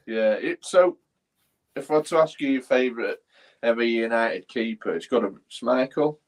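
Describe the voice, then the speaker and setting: A man's voice: medium pitch, moderate pace. A man joining a casual live-stream chat as a guest over a video call. He is easygoing and laughs along.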